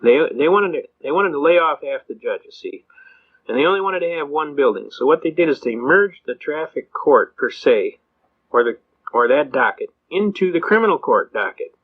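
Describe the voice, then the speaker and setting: A man's voice: on the high side, animated, moderate pace. An older man giving a folksy, anecdotal lecture to a live audience, telling stories and acting out dialogue. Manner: folksy storyteller, acts out dialogue in quotes. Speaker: seminar speaker on constitutional rights. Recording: dull lo-fi recording.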